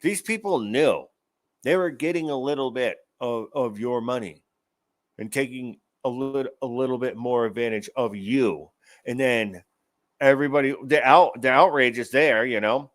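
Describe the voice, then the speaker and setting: A man's voice: mid-range voice, moderate pace, no room sound. A man hosting his own show, giving rambling, profane commentary in a casual ranting manner. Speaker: show host.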